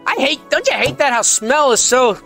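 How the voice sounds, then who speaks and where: A man co-hosting a live-stream podcast in casual chat, rambling with halting restarts. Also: very high-pitched, big pitch swings, creaky, soft background music. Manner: mock-scared shouting while reading chat. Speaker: podcast co-host.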